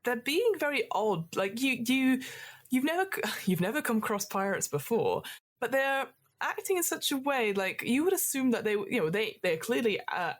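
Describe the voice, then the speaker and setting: A woman narrating as the game master, lively and laughing, with frequent fillers. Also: medium pitch.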